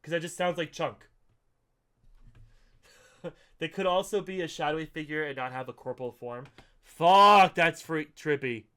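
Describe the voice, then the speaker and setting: A man's voice: on the high side, steady tone, moderate pace, pauses often. A man hosting a podcast in casual chat, loose and chatty, swearing freely. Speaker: podcast host.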